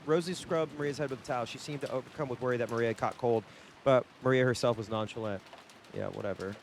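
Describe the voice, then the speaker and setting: A man's voice: medium pitch, quick pace, creaky, a little hiss or hum. A male streamer playing a game live, reading the narration aloud and reacting with exasperated swearing.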